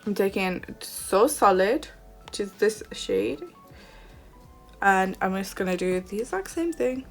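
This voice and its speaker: Beauty vlogger lady, slow and gushy, squeals over shades, faint music behind. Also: mid-range voice, gravelly. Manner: gushing, excitable, gasps and squeals at shades. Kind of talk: makeup tutorial chat.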